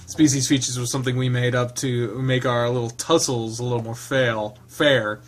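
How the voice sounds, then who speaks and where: Male game reader, chatty and laughing, middle pitch. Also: steady tone, moderate pace, hardly any pauses. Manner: chatty, laughing, lots of fillers. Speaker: game streamer. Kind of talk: reading a visual novel aloud with casual commentary.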